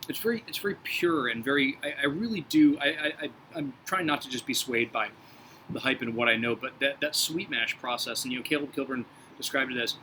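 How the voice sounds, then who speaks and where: A man hosting a casual whiskey review, talking through tasting notes in a measured, descriptive and reflective way. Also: medium pitch, sharp tone, a little hiss or hum, rough recording.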